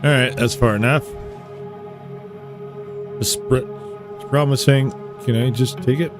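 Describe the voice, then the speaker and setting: A man's voice: mid-range voice, fairly even intonation, measured pace, over music. A man giving gameplay commentary with mild, critical asides. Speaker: let's play host.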